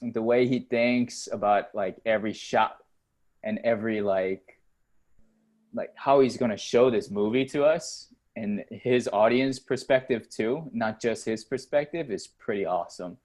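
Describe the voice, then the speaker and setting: A young man in casual chat during a movie game, excitable and apologetic, laughing often. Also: lowish voice, a little slow. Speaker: film crew member.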